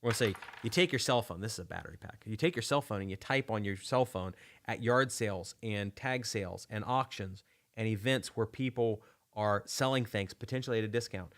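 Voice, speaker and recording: A man's voice: fairly low pitch, brisk, a bit bright. A man hosting a casual livestream, talking in a rambling, enthusiastic way with many restarts. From United States. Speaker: channel host.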